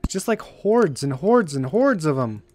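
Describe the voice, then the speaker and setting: A young man doing let's play commentary, excitable and given to shouting at enemies in frustration. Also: on the high side, moderate pace, slight background noise. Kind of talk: gameplay commentary.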